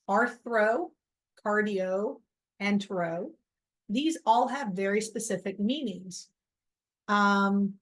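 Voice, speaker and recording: A middle-aged woman teaching a recorded college lecture over slides, casual and self-deprecating. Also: medium pitch. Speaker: college biology instructor.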